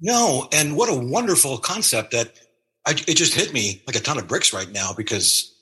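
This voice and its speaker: A man's voice: mid-range voice, big pitch swings, normal speed, bright, forceful tone, breathy edge. A man hosting a podcast, rambling and effusive, his voice worn out after several interviews that day. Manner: rambling, effusive, laughs often. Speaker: podcast host. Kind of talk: casual interview chat.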